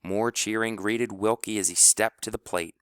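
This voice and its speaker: A man narrating an audiobook with expressive storytelling. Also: lowish voice, normal speed, smooth, no room sound, studio quality.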